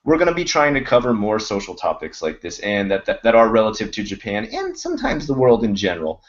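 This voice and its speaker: A man's voice: on the low side, huge pitch swings, quick pace. A man co-hosting a casual web show, loosely rambling through topics and a sign-off with crude asides, over a video call. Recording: muffled video call audio.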